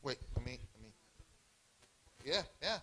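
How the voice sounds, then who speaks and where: Man, health seminar speaker, lively swooping pitch, bright edge, casual storytelling. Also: a little slow, slight background noise. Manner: animated storytelling with acted-out voices. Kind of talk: informal health talk. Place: church event hall.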